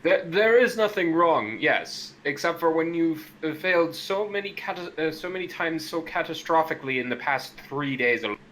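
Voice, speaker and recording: A man's voice: fairly high pitch, animated, normal speed, few pauses, fairly bright tone, slight background noise, rough recording. A man playing a tabletop game, talking in a dry, teasing way. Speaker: player.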